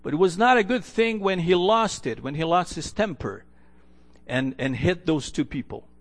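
A man's voice: a little high, expressive, normal speed. A man preaching a sermon in an earnest, storytelling way, often restarting his phrases. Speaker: pastor.

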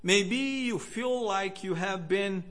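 A man with a notably high voice delivers a sermon at an unhurried pace. He speaks earnestly, measuring out each phrase and pausing often. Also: a bit bright. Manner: earnest, measured preaching with pauses. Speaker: preacher.

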